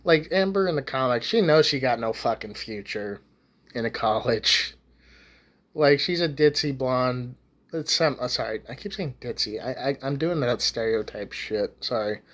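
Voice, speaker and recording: A man's voice: medium pitch, lively intonation, normal speed, a bit bright. A young man ranting casually to camera, rambling with lots of swearing and false starts. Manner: profane, rambling, with many restarts and fillers. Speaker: YouTube ranter.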